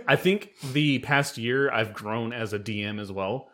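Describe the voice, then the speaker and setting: A man hosting a casual podcast, talking in animated bursts with plenty of fillers, restarts and swearing. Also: medium pitch, unhurried. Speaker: podcast host and game master.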